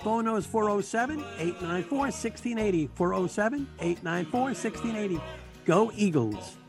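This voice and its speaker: A man's voice: high-pitched, very animated, normal speed, over music. An older man from the Boston area, hosting a call-in radio show with joking, talkative chat.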